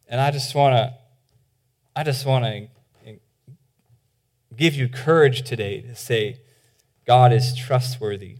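A man preaching a sermon as pastor, earnest and conversational with many restarts, dropping to a hushed voice for appeals. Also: mid-range voice, a little slow, pauses often. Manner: drops to a soft, hushed voice for appeals.

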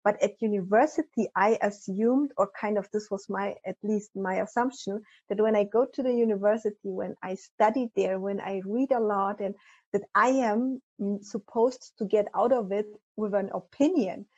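A woman hosting a podcast interview, telling stories in an animated way. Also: medium pitch, normal speed, slightly rough, dry recording, muffled recording. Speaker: host.

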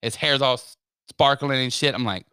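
A smooth, mid-range male voice at a moderate pace, recorded in clean studio sound with no echo. During casual chat he tells a comic story with lots of swearing, animatedly acting out what people said.

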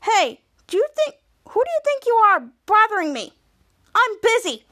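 A woman's voice: very high-pitched, big pitch swings, normal speed, bright, forceful tone, no echo, studio quality, voice pushed up, exaggerated voice. A woman doing a snooty mocking girl. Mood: haughty. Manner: haughty and mocking. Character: snooty young fan-club girl.

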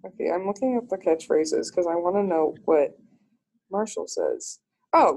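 A young woman in casual group chat, animated and laughing often. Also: lowish voice, normal speed, low-quality recording.

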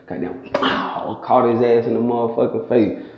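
A young man tells rambling, profane street stories casually, laughing often. His mid-range voice moves at normal speed. The recording sounds dull and lo-fi, in an echoey room.

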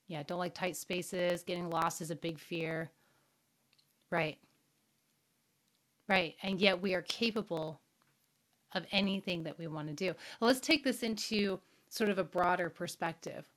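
A woman's voice: fairly low pitch, a bit bright. Frank middle-aged woman hosting a spirituality show. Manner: candid and frank, swears casually, asks the audience questions. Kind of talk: casual motivational storytelling.

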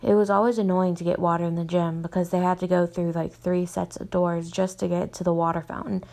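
A woman's voice: lowish voice, level tone, a little fast, gravelly, darkish tone. A young woman reading her own story aloud, plainly, stumbling and restarting often.

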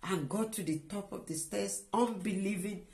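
A middle-aged woman giving an emotional personal testimony, halting and restarting often as she speaks. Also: medium pitch, a little mellow. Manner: halting and emotional, with many restarts and trailing phrases. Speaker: guest sharing a personal testimony.

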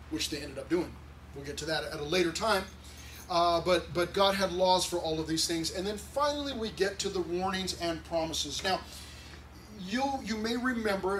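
A man's voice: high voice, a bit bright. A man preaching a conversational sermon to a church congregation, sometimes acting out quoted voices. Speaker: pastor. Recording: distant mic with faint noise.

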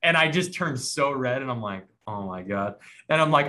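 A man's voice: on the high side, fairly quick, bright, forceful tone. A man hosting a podcast, telling a story in casual chat, acting out quoted voices and laughing at himself. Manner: laughs often, self-deprecating. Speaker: podcast host.

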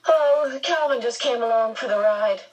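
A small, precocious boy talks in a high, strained voice, as a woman reader plays him. He pushes through his fear with bold, clipped lines. The sound is a touch breathy and set back from the mic. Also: steady tone, unhurried, recorded from a distance, exaggerated voice, rough recording. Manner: high, tense, urgent.

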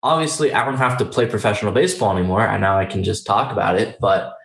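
A man's voice: fairly low pitch, fast, vocal fry, a bit bright. A young man talking in a casual, rambling sports chat, full of fillers and restarts. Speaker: podcast co-host. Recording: roomy echoey recording.

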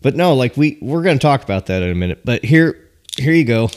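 A man's voice: mid-range voice, big pitch swings, fairly quick, smooth. A man co-hosting a casual podcast, joking and teasing his wife. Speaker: podcast co-host. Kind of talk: casual chat.

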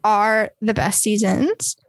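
A young woman co-hosting a podcast, chatting casually with lots of fillers and quick laughs. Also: medium pitch, no echo. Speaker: podcast co-host. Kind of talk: casual chat.

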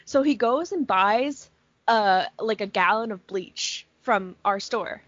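A woman's voice: mid-range voice, slow, dry recording. A young woman co-hosting a podcast, telling a work story in a laid-back, casual way, swearing often and laughing a lot. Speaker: podcast co-host. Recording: dull lo-fi sound.

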